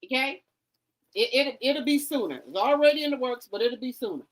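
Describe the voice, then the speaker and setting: A woman's voice: high-pitched, expressive, a little fast. A woman in her fifties ranting to camera, rambling and hollering, tagging on "okay?" and "baby". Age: 50s.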